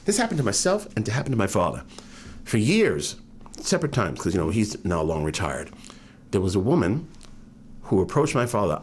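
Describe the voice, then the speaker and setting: Animated low-voiced man in his fifties. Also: a little fast, slight background noise. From New York. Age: 50s. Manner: animated, acts out quoted voices. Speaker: interviewee. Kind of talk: oral history storytelling.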